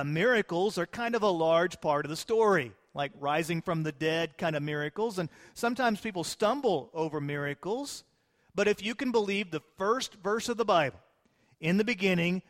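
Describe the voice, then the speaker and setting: A man, a pastor, telling a scripture story in a sermon, dramatic and swinging between loud and hushed. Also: a little high. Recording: long hall reverb.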